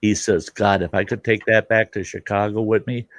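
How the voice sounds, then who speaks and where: A man's voice: lowish voice, fairly even intonation, normal speed, slight background noise. A man hosting a casual chat, telling folksy stories full of crude asides. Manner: folksy, salty yarn-spinning with crude asides. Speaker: host.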